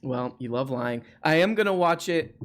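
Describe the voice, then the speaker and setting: A man's voice: on the high side, lively intonation, normal speed. A man hosting a live stream, chatting casually and jokingly with a caller, with lots of restarts. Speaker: livestream host.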